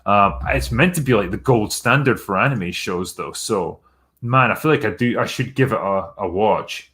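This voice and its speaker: A man's voice: lowish voice, animated, normal speed, fairly bright tone. A man hosting a live stream, chatting casually through viewer messages in a blunt, sarcastic way with plenty of swearing.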